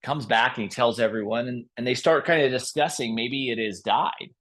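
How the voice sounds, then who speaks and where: A man guiding a restorative yoga class and telling a story in a calm, gentle way. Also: mid-range voice, moderate pace. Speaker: yoga instructor.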